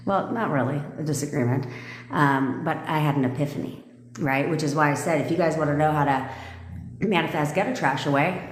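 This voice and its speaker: A low-pitched woman talks straight at her viewers, blunt and emphatic, swearing freely as she coaches them. Her voice rings in an echoey room with a long reverb tail. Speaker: manifestation coach. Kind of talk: live-stream coaching talk.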